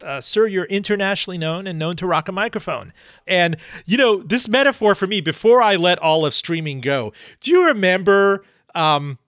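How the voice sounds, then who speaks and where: A male podcast host with a fairly high voice, recorded dry with no room sound. He rattles off plugs briskly and then drifts into long, musing questions. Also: a bit bright, dry recording. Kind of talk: podcast hosting and interviewing.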